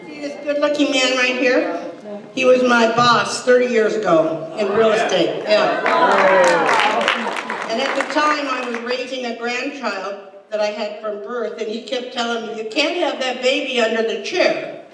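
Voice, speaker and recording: A woman's voice: fairly high pitch, measured pace. Older woman comedy host, dry delivery, recorded from a distance in a roomy hall. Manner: deadpan one-liners with quoted voices. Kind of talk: stand-up comedy. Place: hall with a laughing audience. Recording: echoey hall, distant mic, crowd laughter.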